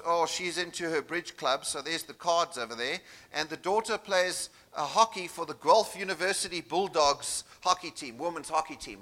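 A man with a South African accent speaks to a conference audience in a breakout session. His voice is bright and sits a little high, and he tells stories in a chatty, self-deprecating way. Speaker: keynote speaker.

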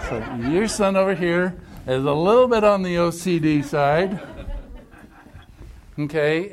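A man leading a family workshop, coaching a couple in front of a group through animated, emphatic hypothetical scenarios. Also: fairly high pitch, slight background noise. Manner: repetitive, emphatic phrasing.

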